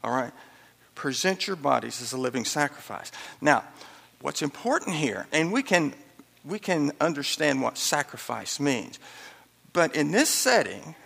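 A man's voice: fairly high pitch, big pitch swings, measured pace, gravelly, fairly bright tone, big-room sound. A man preaching an expository sermon, emphatic and pleading, with chuckles and asides to the congregation. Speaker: pastor.

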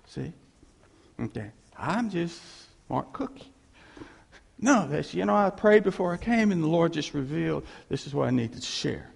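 A man preaching a sermon, telling stories in an animated way and acting out the voices of the people in them. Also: a little high, normal speed, gravelly, slightly rough, long reverb tail. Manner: animated storytelling, acting out quoted voices with laughs.

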